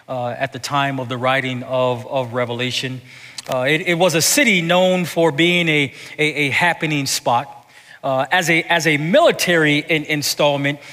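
Forceful preacher in an echoing hall. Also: male voice, medium pitch. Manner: repeats and restarts words, swings from hushed to loud. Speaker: pastor. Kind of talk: sermon. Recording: echoey hall reverb.

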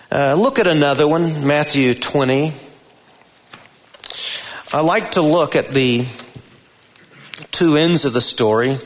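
Male pastor, unhurried sermon delivery, mid-pitched, big reverberant hall. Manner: deliberate, emphatic preaching with rising stresses on key words. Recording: long reverb of a large hall.

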